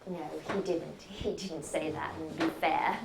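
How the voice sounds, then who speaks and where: Woman, stage monologue as a doctor, halting, stammering, unhurried. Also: deep voice, fairly even intonation, creaky, background noise. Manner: hesitant, self-doubting, halting with stammered restarts. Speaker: actor playing a hospital doctor. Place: stage performance.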